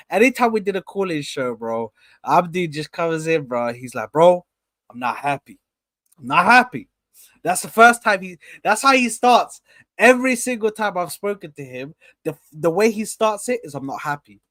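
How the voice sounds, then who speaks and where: A young man hosting a casual live stream, rambling and repeating himself as he gives shout-outs to viewers. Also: on the high side, dry recording, studio quality.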